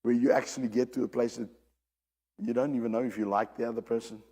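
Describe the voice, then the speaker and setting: A man preaching a sermon to a congregation, animated, repeating his phrases and swinging between hushed and loud delivery. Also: mid-range voice, fast talker, husky, in a large hall. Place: church service with a congregation.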